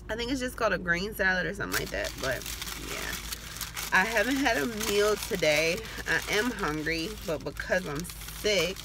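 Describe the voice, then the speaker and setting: A woman's voice: lowish voice, vocal fry, sharp tone, a little hiss or hum. A woman hosting a casual eat-with-me vlog from inside her car, still sick with the flu, chatty with joking asides. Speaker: vlogger.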